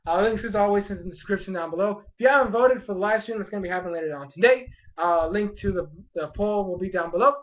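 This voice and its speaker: A young man recapping an anime episode as a vlogger, gushing with excitement and acting out the characters' lines in bursts. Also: sits high, fast talker, few pauses, muffled recording. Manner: hyped, gushing, acts out quotes in bursts.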